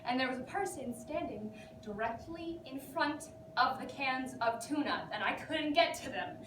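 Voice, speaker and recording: Woman acting as a neurotic rambling young woman, giggly, dramatic, high voice, echoey room. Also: lively intonation, normal speed. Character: neurotic, self-absorbed young woman venting to her therapist. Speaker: actor performing a monologue. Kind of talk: theatrical comic monologue. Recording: echoey room, distant mic, background noise.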